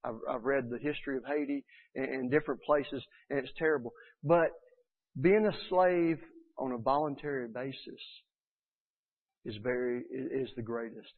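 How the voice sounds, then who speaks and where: A man preaching a sermon in an earnest, animated way, acting out the people he quotes. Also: mid-range voice, moderate pace. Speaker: pastor. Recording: tinny phone-like sound.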